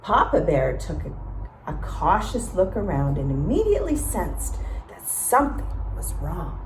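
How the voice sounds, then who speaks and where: A woman reading a children's story aloud, slow and expressive, pausing to ask the listeners questions. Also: fairly low pitch, slight background noise. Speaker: storytime reader. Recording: echoey room.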